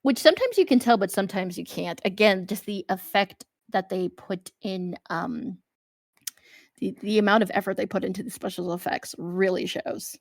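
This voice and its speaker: A young woman chats on a podcast in a loose, filler-heavy way, retelling scenes with lively asides. Her voice sits mid-range for a woman. The recording is dry and close, with no room sound. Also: mid-range voice, moderate pace, dry recording. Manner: chatty, lots of fillers, animated retelling with acted-out shouts. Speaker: podcast co-host. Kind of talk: casual film discussion.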